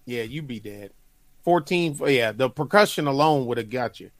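A man's voice: medium pitch, animated, normal speed, no echo, clean studio sound. A man in a casual chat, emphatic and slangy, talking over memories with friends.

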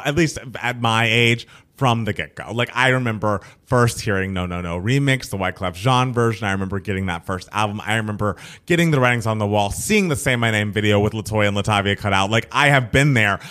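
A man's voice: lowish voice, fairly bright tone. A man co-hosting a podcast in casual chat, telling stories in an enthusiastic, reflective way. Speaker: podcast co-host.

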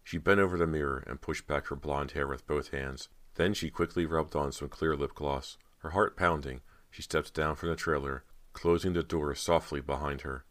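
A man narrating a horror audiobook in a steady storytelling manner. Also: rumbling low, moderate pace, few pauses, no echo.

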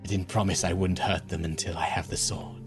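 A man voicing a cruel old female witch who gloats in a slow, menacing drawl during a tabletop game. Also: deep voice, flat delivery, music in the background, pitched below the performer's own voice, natural voice.

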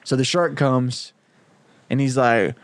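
A man's voice: medium pitch, slow, dry recording. A young man in casual chat, playfully brainstorming a story with a friend. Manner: playful, jokey. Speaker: co-writer.

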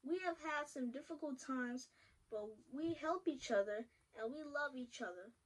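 A woman's voice: high-pitched, normal speed, close to an everyday voice, poor audio. A woman voicing a kind, motherly female butterfly in a children's storybook, soothing and affectionate. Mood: gentle. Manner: warm, soothing, calls people child and sweetheart.

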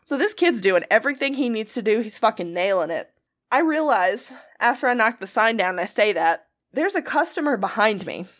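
Brief: woman, animated storyteller, higher pitch, wide lively intonation, swears freely. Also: a little fast. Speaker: podcast co-host. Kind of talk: casual storytelling chat.

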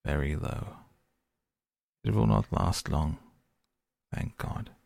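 A man's voice: very deep voice, slow, vocal fry, a little mellow, no echo, clean studio sound, full character voice. A man voicing a gloomy, frightened doctor in an audiobook, speaking in a dreary, hesitant way. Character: gloomy, frightened male doctor, low in spirits.

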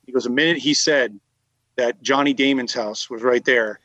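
A man's voice: mid-range voice, normal speed, pushed and bright, no echo, muffled recording. A man from Massachusetts telling long fishing anecdotes in a casual chat, with lots of fillers and restarts. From Massachusetts, USA. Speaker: guest telling fishing stories. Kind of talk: casual conversational storytelling.

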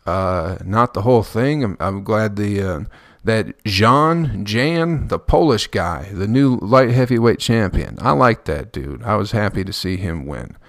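A man's voice: on the low side, animated, measured pace, hardly any pauses, dry recording, clean studio sound. A man hosting a podcast, rambling through a profane comedic monologue and laughing at his own jokes. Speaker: podcast host.

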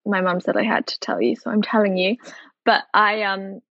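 A woman's voice: mid-range voice, fairly even intonation, normal speed, a bit bright, dry recording, highs cut off. A woman, a podcast guest telling stories in a chatty, self-deprecating, rambling way. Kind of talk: casual conversational storytelling.

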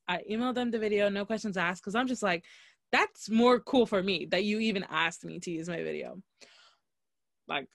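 A woman's voice: mid-range voice, dry recording, clean studio sound. A woman co-hosting a podcast, telling a story in casual chat and quoting herself and others with lots of "like". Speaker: podcast co-host.

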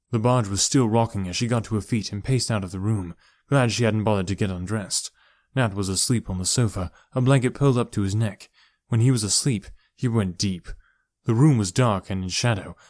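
A man reads a novel aloud in a steady, even storytelling voice that sits on the low side. The recording is close and dry, with no room sound. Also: no echo. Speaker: audiobook narrator. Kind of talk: scripted narration.

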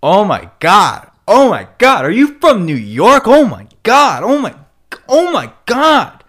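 A man's voice: sits high, wildly swooping pitch, slow pace, a bit bright, pitched above the performer's own voice, full character voice. A man mimicking a gushing, shrieking stranger who keeps squealing the same words over and over, starstruck and a little scared. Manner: squealing, repeats itself breathlessly.

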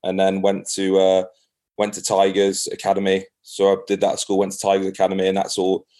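A man's voice: low voice, monotone, brisk, warm tone. A man with an English accent, a guest rugby player chatting casually in a podcast interview, laid-back and modest. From England.

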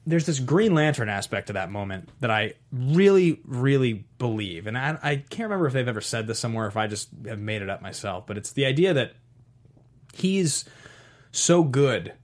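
A man talking in a casual podcast chat, enthusiastic and rambling, full of fillers and quick laughs. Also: medium pitch, expressive. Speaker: podcast co-host.

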